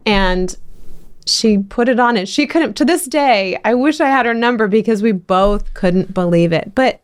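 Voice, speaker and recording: Woman, middle-aged podcast host, lively rambling storyteller. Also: a little high, measured pace, clear, resonant tone. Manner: animated storyteller with many restarts. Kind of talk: casual interview chat.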